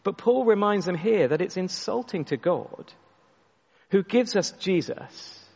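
A man preaching a sermon, telling a story and often restarting his words, sometimes dropping his voice very soft for emphasis. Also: sits high, expressive, a little slow, creaky, slightly rough, big-room sound, lo-fi sound. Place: church.

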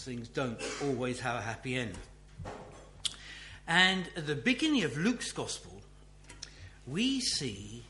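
A man giving a Bible teaching talk as a preacher, in a slow, musing way with many restarts. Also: mid-range voice, pushed and bright. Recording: echoey room with faint hum.

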